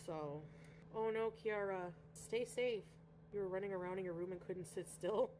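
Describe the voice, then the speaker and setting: A woman's voice: medium pitch, normal speed, a little mellow, slight background noise. A woman from Canada chatting casually on a livestream, rambling and greeting viewers by name. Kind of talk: casual livestream chat reading viewer comments.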